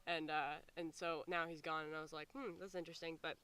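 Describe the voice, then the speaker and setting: A man on summer camp staff telling a sheepish story to camera, animated, laughing, with hushed asides. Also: a little high, a little fast, a crowd in the background. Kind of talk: casual anecdote to camera.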